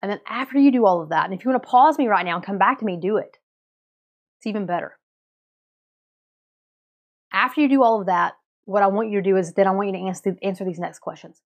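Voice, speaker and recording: Energetic woman coaching her listeners. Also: medium pitch, quick pace, long pauses, highs cut off. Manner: energetic, coaching, asks many direct questions. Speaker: podcast host and coach. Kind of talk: motivational episode, addressing listener. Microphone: podcast mic, also filmed.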